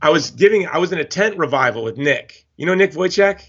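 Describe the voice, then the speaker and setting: A man's voice: on the high side, expressive, quick pace, a bit bright, husky, dull audio. A man speaking as a guest in a podcast interview, telling stories with passion and emphatic repetition. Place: Hawaii.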